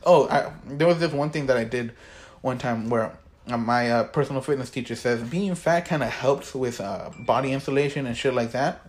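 A man's voice: mid-range voice, moderate pace. Teen male co-host, casual profane rant, rambling delivery. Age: teens. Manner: profane, rambling, gets worked up. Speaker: podcast co-host. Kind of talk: casual chat.

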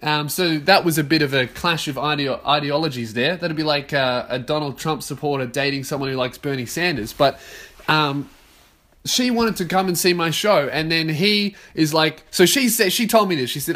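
A man's voice: a little high, normal speed, a bit bright. A young man hosting a casual solo podcast, rambling and swearing, laughing at his own jokes. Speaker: podcast host.

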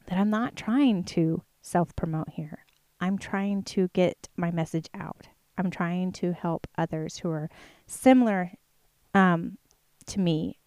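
A woman's voice: fairly low pitch, a little mellow, no room sound. A woman author sharing a personal faith testimony in a chatty, earnest way, with many fillers. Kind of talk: casual testimony to camera.

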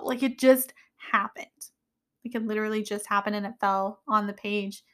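A woman's voice: medium pitch, steady tone, normal speed. A young woman telling a personal story in a casual, emotional way, rambling with many fillers. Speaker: children's book author.

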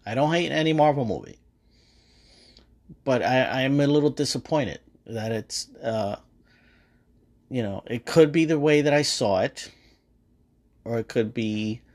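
A man's voice: mid-range voice, a little slow, long pauses, a little mellow. A man hosting a podcast and giving a casual, rambling movie review, full of swearing and hesitant fillers. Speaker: podcast host.

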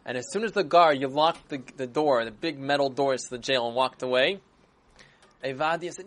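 A storyteller retelling a children's story in a lively, animated way, with frequent restarts. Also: medium pitch, normal speed.

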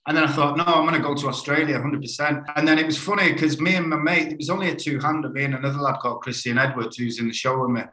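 A man's voice: medium pitch, fairly even intonation, racing, hardly any pauses, pushed and bright. A man in his thirties from Ireland, a guest actor chatting casually and easygoingly, laughing often and calling the host mate. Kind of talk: casual chat. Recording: echoey room.

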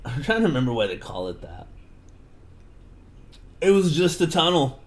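Animated young man recapping casually. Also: a little high, moderate pace, a little hiss or hum. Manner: rambling, jokey, self-correcting. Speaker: podcast co-host. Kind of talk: casual book recap chat.

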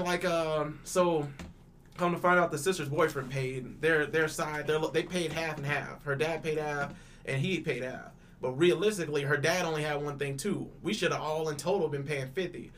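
Animated young man telling a story. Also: fairly high pitch, slight background noise. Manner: animated, laughs often, repeats and restarts words, swears freely; acts out both sides of quoted dialogue. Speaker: podcast panelist. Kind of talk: casual storytelling chat.

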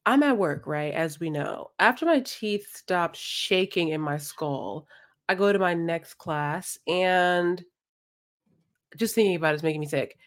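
A young adult woman co-hosting a casual podcast. She tells stories with a lively voice that rises and falls a lot, and she acts out what people said. Her voice sits a little low. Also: a little slow. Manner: animated storytelling with voiced-out quotes. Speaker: podcast co-host. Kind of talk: casual chat.

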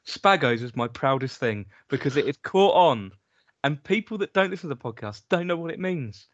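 A man's voice: fairly high pitch, expressive, moderate pace, dry recording, dull audio. A man co-hosting a casual podcast chat, teasing his friends and jumping into silly voices. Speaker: podcast co-host.

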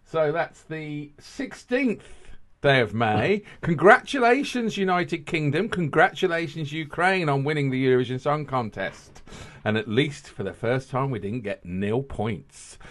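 A man's voice: on the high side, animated, unhurried, a bit bright. A man hosting a podcast, rambling and jokey in casual banter, laughing often. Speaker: podcast host.

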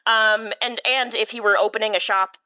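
A woman's voice: a little high, steady tone, normal speed, pushed and bright, no room sound, poor audio. A woman co-hosting a podcast, chatting enthusiastically and laughing often. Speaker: podcast co-host. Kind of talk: casual podcast chat.

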